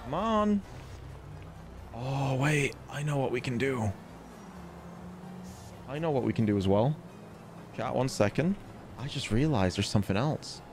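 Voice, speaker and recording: A man streaming a roleplay game, excitedly repeating himself and issuing in-character threats. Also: medium pitch, a little slow, pauses often, background noise. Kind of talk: live game commentary.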